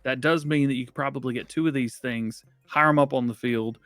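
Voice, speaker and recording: A man's voice: medium pitch, fairly even intonation, brisk, a bit bright, dry recording. A man co-hosting a casual gaming podcast, chatty and rambling, laughing often. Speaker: podcast co-host.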